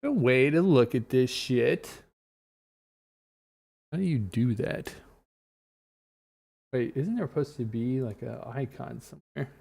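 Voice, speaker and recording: Male streamer, mid-pitched, gravelly, casual muttering with the odd curse. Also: slow pace, pauses often, a little mellow. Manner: mutters and swears while fiddling with stream settings. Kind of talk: casual live-stream chatter.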